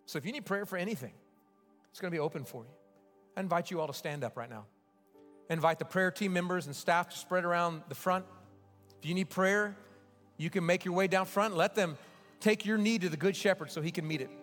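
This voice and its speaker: A high-voiced male pastor preaches in a large church sanctuary, rising to loud urging and then dropping to a hushed plea. His words ring out with a long reverb, and faint music plays behind him. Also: brisk. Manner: impassioned preaching that swings between loud urging and hushed pleading. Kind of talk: sermon with altar call.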